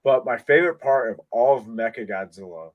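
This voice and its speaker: A man hosting a casual podcast, talking in an excitable, rambling way full of restarts, into a desk mic. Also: medium pitch, fairly quick, phone-quality sound. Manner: excitable, rambling fan talk with many restarts. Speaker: podcast host. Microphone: desk microphone.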